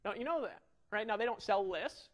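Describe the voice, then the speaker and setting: A middle-aged man giving an energetic marketing webinar, animated and ranting, full of rhetorical questions. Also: sits high, brisk. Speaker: online marketing instructor.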